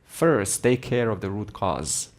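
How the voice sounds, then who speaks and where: A man's voice: lowish voice, animated, slow. Man as a blunt, matter-of-fact guru. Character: calm blunt male guru, a meat seller.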